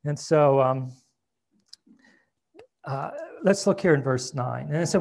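A man preaching a sermon in a conversational way, reading scripture aloud and dropping to a soft, hushed voice at tender moments. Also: mid-range voice, takes it slowly, gravelly, long pauses. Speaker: pastor.

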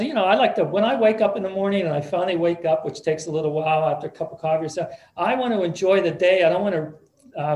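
Male pastor, sermon, conversational, slightly high voice, echoey room. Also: a little mellow. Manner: conversational preaching, repeats words when restarting.

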